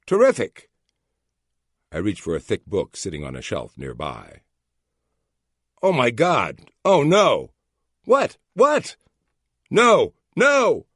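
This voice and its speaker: A man's voice: rumbling low, creaky, slightly rough, no echo, studio quality. A man narrating a first-person audiobook in a wry storytelling manner.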